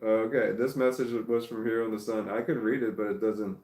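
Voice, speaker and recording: A man with a Southern American accent, talking casually as he reads viewer comments aloud. His voice sits fairly low, and his talk rambles and stops and starts between small chuckles. The room around him sounds echoey. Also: fairly even intonation, fairly quick, darkish tone. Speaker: vlogger reading live comments. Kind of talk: casual livestream chat.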